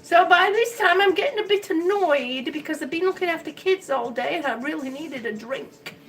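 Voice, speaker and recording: A woman's voice: high-pitched, lively intonation, normal speed, far from the mic, rough recording. An older woman from Miami with an accent mixed from the South and the Midwest, chatting casually and telling a rambling story full of restarts. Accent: mixed American Southern and Midwestern. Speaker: vlogger. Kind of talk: casual chat.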